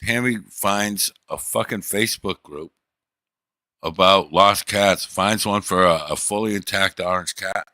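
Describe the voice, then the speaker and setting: A man's voice: low-pitched, measured pace, pushed and bright, no echo. A man livestreaming, telling a long rambling story to his chat in loose, profane casual talk.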